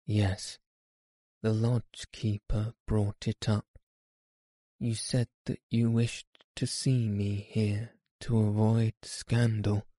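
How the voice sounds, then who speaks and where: A man voicing a weary, dying old man in a slow, grave audiobook reading. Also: lowish voice, little pitch movement, warm tone, no room sound. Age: older.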